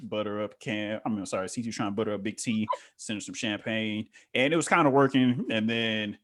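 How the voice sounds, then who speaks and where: A man co-hosting a casual recap, his voice sitting on the low side. He rambles with plenty of fillers and now and then jumps up in pitch to act out what people said. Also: brisk, a bit bright. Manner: loose and rambling, acts out quotes in raised voice; heavy filler words. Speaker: recap show co-host. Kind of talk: casual chat.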